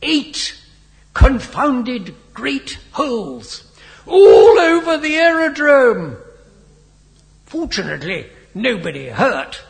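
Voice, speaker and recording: A man voicing a blustering, angry squadron major who barks and shouts. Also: very high voice, big pitch swings, slow pace, vocal fry, big-room sound, voice pushed up, exaggerated voice. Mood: furious. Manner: barking, shouting furiously.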